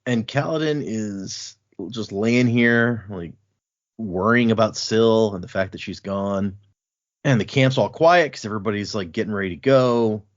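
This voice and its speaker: A podcast co-host with a lowish voice, speaking a little slowly, chats casually about a book, laughing often and retelling its scenes. The audio is dull and lo-fi.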